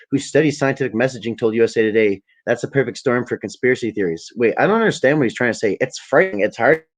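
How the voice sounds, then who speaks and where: A Canadian man hosting a casual live stream, reading articles aloud with sarcastic, profane asides and frequent stumbles. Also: medium pitch. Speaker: livestream host.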